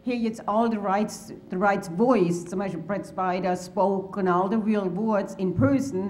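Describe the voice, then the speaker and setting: German woman speaking halting English. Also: mid-range voice, fairly even intonation, a little mellow, slight background noise. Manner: halting non-native English, enthusiastic. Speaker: fan asking a question. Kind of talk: fan question at a panel.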